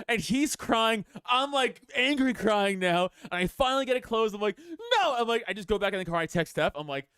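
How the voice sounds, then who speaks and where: A man's voice: brisk, clear, resonant tone, no room sound, studio quality. A young man co-hosting a comedy podcast, telling a story with lots of swearing and acting out his own lines in a whiny voice. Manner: animated, swearing, acts out his own quotes in a whiny high voice. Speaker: podcast co-host.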